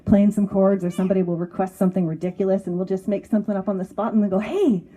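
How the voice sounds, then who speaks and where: A woman's voice: medium pitch, level tone, very fast, dark tone. A Canadian woman guest from a band, chatting upbeat on an outdoor porch and laughing easily. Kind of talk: casual interview.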